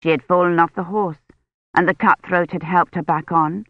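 A woman reading an audiobook in a measured, even storytelling manner. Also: on the low side, no echo. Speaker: audiobook narrator. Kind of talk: scripted narration. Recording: dull, slightly muffled studio audio.

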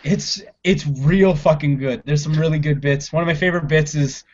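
A man's voice: fairly high pitch, steady tone, normal speed, darkish tone. A man co-hosting a casual chat about comedy films, laid-back, swearing freely and laughing often. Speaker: podcast co-host. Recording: lo-fi dull audio.

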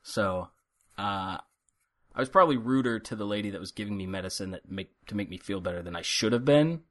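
A man's voice: lowish voice, a little fast, fairly bright tone. A middle-aged man on a podcast, telling a story in a dry, sarcastic way and acting out both sides of a conversation. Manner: wry, sarcastic storyteller acting out quoted dialogue. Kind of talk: casual storytelling chat. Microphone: headphones and studio mic.

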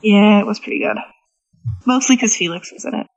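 A woman's voice: mid-range voice, a little fast, gravelly, lo-fi sound, soft background music. A woman on a podcast panel giving brief, agreeable comments. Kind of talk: casual podcast chat.

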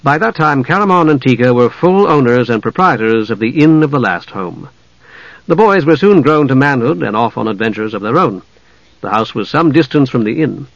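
A man narrating a fantasy audiobook in a measured, even delivery at a mid pitch. The recording is dry and close, with a slightly dull, band-limited tone. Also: creaky, no echo. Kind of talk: scripted narration.

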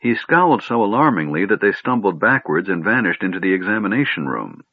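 A man narrating a fantasy story in a measured storytelling manner. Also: on the low side, sing-song, no echo. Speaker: audiobook narrator. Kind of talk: scripted narration. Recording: dry, tinny phone-like audio.

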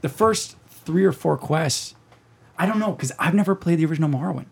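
Husky, gravelly young man. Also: fairly high pitch, a little fast. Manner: relaxed, wry, swears casually. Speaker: podcast host. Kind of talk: casual gaming podcast chat.

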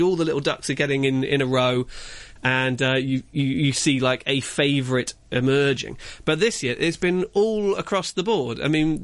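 A man's voice: mid-range voice, no room sound. Rambling male film pundit, dry sound. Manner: rambling, lots of fillers and restarts. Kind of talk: casual radio chat. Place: radio studio. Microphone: studio microphone.

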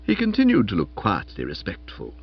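A man narrating a comic story in the first person, in a lively, playful reading. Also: lowish voice, brisk, breathy edge. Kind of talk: scripted audiobook narration. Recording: dull, muffled audio.

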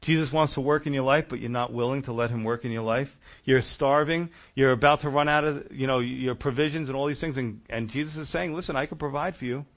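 A man preaching a sermon, telling stories in a conversational, animated way. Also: medium pitch, a little fast, few pauses.

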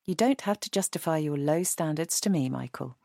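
A woman's voice: low-pitched, expressive, a little fast, gravelly, mellow, no echo, clean studio sound. A woman voicing a dryly teasing woman.

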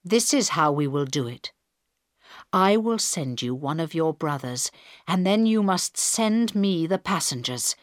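A tense female prime minister gives orders in a crisis, read by a woman narrator. She speaks loudly and urgently, with a firm, commanding edge. The delivery is unhurried and deliberate. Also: sits low, lively intonation, dry recording, clean studio sound.

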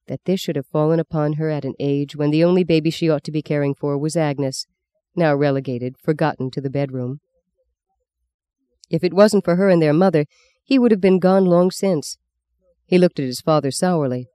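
Male audiobook narrator, measured storyteller, slightly higher voice, dry studio sound. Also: mellow, clear, resonant tone, dry recording.

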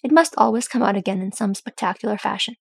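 Brief: skeptical, proud dwarf king, muttering dryly, gravelly, read by a woman. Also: mid-range voice, fast, dry recording. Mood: wry. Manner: dry, muttering remarks.

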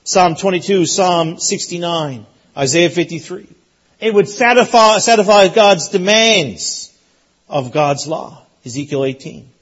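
A man preaching a sermon as pastor, emphatic and repetitive, rising to loud peaks. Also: sits high, lively intonation, unhurried, husky, lo-fi sound. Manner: emphatic, repeats phrases, rises to loud peaks.

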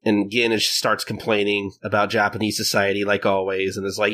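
Bright-voiced rambling male podcast host. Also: on the low side, completely flat delivery, a little fast, hardly any pauses. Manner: rambling, many restarts, acts out voices. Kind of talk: casual chat.

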